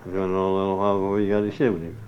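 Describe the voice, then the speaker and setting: A man's voice: sits low, slight background noise. An older man being interviewed, telling rambling stories in a folksy, salty way with chuckles. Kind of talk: rambling oral-history storytelling. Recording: muffled lo-fi recording.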